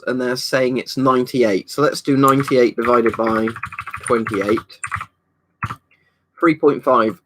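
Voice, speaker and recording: A man's voice: medium pitch, a bit bright. A man hosting a casual livestream, rambling easily as he reads out viewers' comments and answers them from a room at home. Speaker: livestream host. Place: indoor storage room at home.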